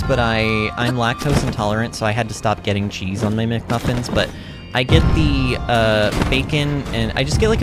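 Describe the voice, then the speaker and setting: A chatty woman livestreams a game, and her pitch bounces up and down as she talks to her viewers. Game music plays clearly behind her. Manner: chatty, bubbly, full of fillers and restarts. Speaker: game streamer. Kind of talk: casual livestream chat while playing.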